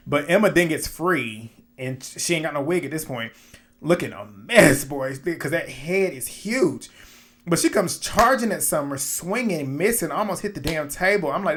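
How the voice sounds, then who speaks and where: Animated man recapping reality TV. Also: on the high side, normal speed. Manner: animated, laughing, profane and opinionated. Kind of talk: casual recap commentary.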